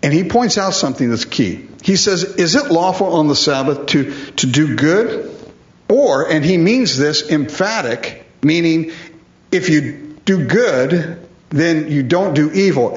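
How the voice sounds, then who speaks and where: A man's voice: a little high, animated, measured pace, reverberant, highs cut off. A man preaching a sermon, emphatic and full of rhetorical questions, repeating words for stress.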